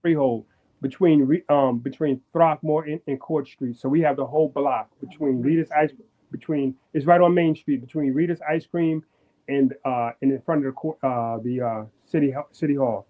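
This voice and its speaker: Guest caller, man, halting and full of fillers, tinny phone audio. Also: mid-range voice. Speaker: guest promoting a festival. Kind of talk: call-in chat.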